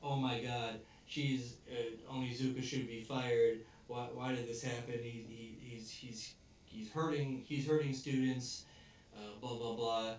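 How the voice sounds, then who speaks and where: A man's voice: mid-range voice, level tone, unhurried, a little hiss or hum, close to an everyday voice. A man putting on a panicky, whiny voice for a fussy male vice principal while retelling a cartoon plot, recorded in an echoey room from a distance. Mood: complaining. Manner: whiny, frantic.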